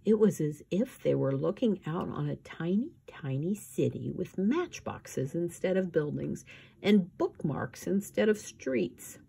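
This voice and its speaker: A woman reading a novel aloud as narrator, with steady, measured storytelling. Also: lowish voice, gravelly, slightly rough. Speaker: audiobook reader. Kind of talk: scripted narration.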